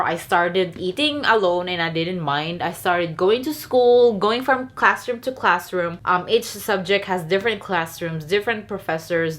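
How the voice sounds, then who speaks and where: A woman's voice: mid-range voice, a bit bright. A young woman from the Philippines with a Filipino accent, telling a candid, chatty storytime vlog. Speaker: vlogger.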